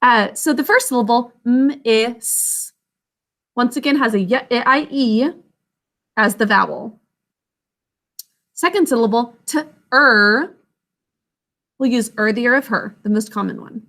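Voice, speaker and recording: A woman teaching a children's spelling lesson, sounding out words letter by letter and syllable by syllable in a slow, patient way. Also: a little high, fairly bright tone. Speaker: literacy teacher.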